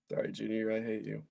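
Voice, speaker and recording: A man on a gaming stream ribbing his friends with loud, profane banter. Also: on the low side, gravelly. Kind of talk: casual gaming chat.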